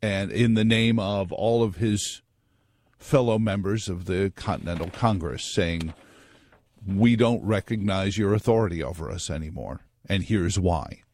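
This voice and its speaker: A man's voice: sits low, measured pace, darkish tone, dry recording. A man hosting a talk radio show, delivering a wry, joking, digressive monologue into a studio microphone.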